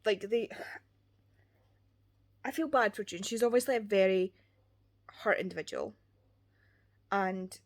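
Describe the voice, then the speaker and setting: Earnest rambling Scottish woman. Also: medium pitch. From Scotland. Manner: earnest, rambling, many "like" fillers. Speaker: book vlogger. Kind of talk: casual chat.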